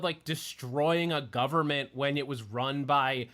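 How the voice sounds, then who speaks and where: A man with a slightly high voice hosts a podcast in loose, casual chat. He rambles, stacking fillers and restarting his sentences as he thinks aloud. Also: normal speed, few pauses, fairly bright tone, slight background noise. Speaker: podcast host.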